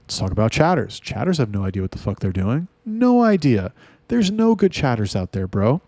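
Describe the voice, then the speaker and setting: A man's voice: lowish voice, big pitch swings, fairly quick, darkish tone, no echo. A man ranting in a casual, blunt and heavily profane monologue. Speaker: talk host.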